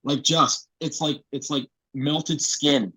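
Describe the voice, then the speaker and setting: A man telling a personal story on a podcast, animated and swearing often, acting out what people said. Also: on the high side, slow, breathy edge, no room sound. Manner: animated, swears a lot, acts out quotes loudly. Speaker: podcast guest. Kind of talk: casual storytelling. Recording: dry, dull lo-fi podcast audio.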